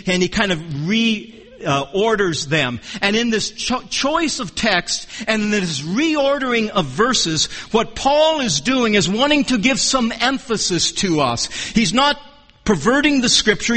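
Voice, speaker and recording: A man preaching an expository sermon, earnest and measured, often repeating and restarting phrases for emphasis. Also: high-pitched, sharp tone, long reverb tail.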